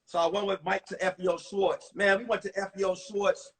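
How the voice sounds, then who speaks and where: A male comedian telling animated stories from high school in a one-man show on a livestream. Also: brisk, husky. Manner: animated, acts out voices. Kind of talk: stand-up storytelling. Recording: distant mic on a phone livestream.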